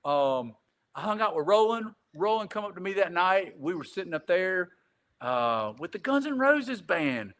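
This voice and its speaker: Animated, high-voiced rambling male storyteller. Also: moderate pace. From Greenville. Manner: rambling, repeats "I said", swears casually. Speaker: podcast guest. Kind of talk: casual storytelling interview.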